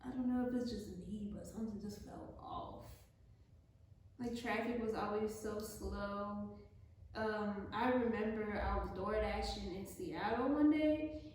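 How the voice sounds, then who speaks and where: A woman's voice: medium pitch, a little slow, a little mellow, distant mic, slight background noise. A young woman in casual chat, candid and blunt, often laughing. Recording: echoey room, away from mic.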